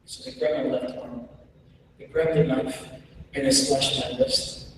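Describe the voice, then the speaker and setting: A man giving a keynote speech, telling a personal story in slow, measured phrases with dramatic pauses. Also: medium pitch, steady tone, background noise. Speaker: keynote speaker. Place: large conference hall. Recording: echoey hall recorded from far off.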